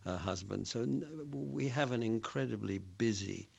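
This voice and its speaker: A man's voice: fairly low pitch, moderate pace, vocal fry, husky. An older man, an actor and author from Scotland, answering radio interview questions in a rambling, anecdotal way with frequent restarts.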